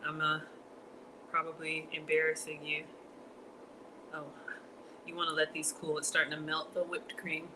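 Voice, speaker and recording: A woman's voice: low voice, little pitch movement, normal speed, pauses often, fairly bright tone. Woman home-cook vlogger, casual y'all chatter, noisy kitchen. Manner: chatty, addresses viewers as y'all. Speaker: cooking vlogger. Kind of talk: casual cooking demonstration.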